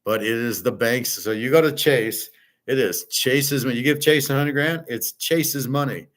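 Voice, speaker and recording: A man's voice: mid-range voice, moderate pace, a bit bright. A male host in a blunt, emphatic rant, swearing freely and rambling with restarts. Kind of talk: casual rant to camera.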